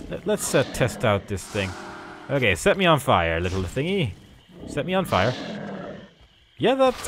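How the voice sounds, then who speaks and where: Male let's play host: rambling, joking at his own expense, lively ups and downs. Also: medium pitch. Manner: chatty, self-mocking, rambling with fillers. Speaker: gaming video host.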